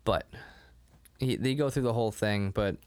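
A man's voice: fairly low pitch, normal speed, a little mellow, smooth. A man co-hosting a podcast in casual chat, who laughs often and acts out the lines of the people he talks about. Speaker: podcast co-host.

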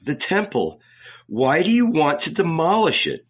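A man's voice: on the high side, huge pitch swings, measured pace, breathy edge, muffled recording, voice pushed up, heavily acted. A man reading an audiobook, voicing a timid young disciple in a raised, hesitant voice. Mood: worried.

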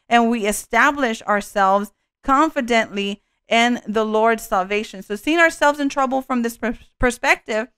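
Earnest woman teaching scripture, smooth voice. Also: a little high, fairly bright tone, dry recording, clean studio sound. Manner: earnest, full of "um" and "you know" fillers. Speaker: bible teacher. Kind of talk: sermon-style scripture teaching.

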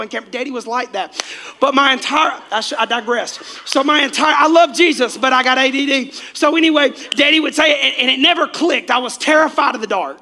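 A man preaching a Sunday sermon as pastor, animated and swinging between shouted lines and quiet asides. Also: very high-pitched.

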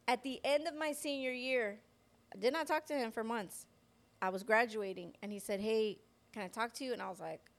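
A woman co-hosting a Christian podcast, telling a personal testimony in a lively way and acting out the voices of the people in her story. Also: a little high. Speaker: podcast co-host. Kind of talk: personal faith testimony in casual chat.

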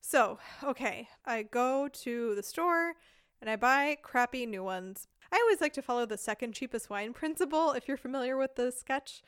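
A woman in her thirties, originally from the United States, tells a casual anecdote as a podcast guest. She laughs often as she goes, in a fairly high, smooth and clear voice. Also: normal speed, no room sound, clean studio sound. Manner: lively storyteller, laughs often.

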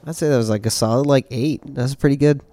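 A man co-hosting a podcast, laid-back and deadpan in casual banter. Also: medium pitch, fast. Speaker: podcast co-host.

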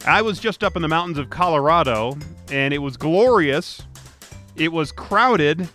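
A man's voice: a little high, lively intonation, moderate pace, sharp tone, faint music behind. Rambling man hosting a podcast. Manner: rambling, with frequent restarts. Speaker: podcast host and traffic reporter. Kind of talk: casual podcast chat.

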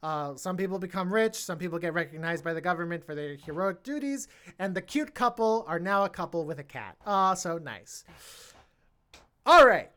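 A woman's voice: lowish voice, animated, normal speed, a bit bright. A woman co-hosting a podcast, recapping a movie plot in casual, rambling chat and swearing freely. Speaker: podcast co-host.

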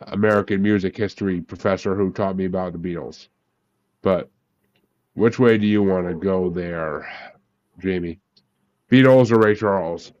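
Profane, excited male podcast host. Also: deep voice, muffled recording. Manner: profane and enthusiastic. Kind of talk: casual group chat.

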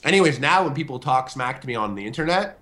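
A man, a show host, telling a casual animated story on a video call, with many fillers, acting out the voices of the people in it. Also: mid-range voice, fast.

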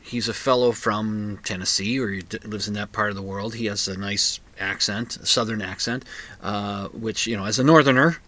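A man with a bright, forceful voice hosts a talk show from a comic book shop. He wanders through his thoughts with plenty of ums and restarts, then works himself up into blunt, ranting asides. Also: on the low side, moderate pace, a little hiss or hum. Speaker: radio show host. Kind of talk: casual monologue.

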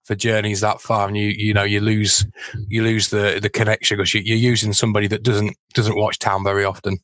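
A man's voice: on the low side, little pitch movement, a little fast, fairly bright tone, no room sound, studio quality. A man from England co-hosting a casual football podcast over a video call, wry and joking, often stumbling over words. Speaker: podcast co-host.

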